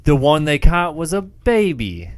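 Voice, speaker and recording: A man co-hosting a movie podcast in a relaxed, casual way, often chiming in with short agreements. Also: a little high, measured pace. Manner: laid-back, chimes in with short agreements. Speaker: podcast co-host.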